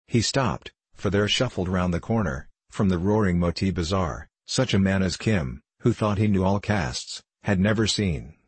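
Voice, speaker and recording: A man doing measured, steady audiobook narration. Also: deep voice, breathy edge, no room sound.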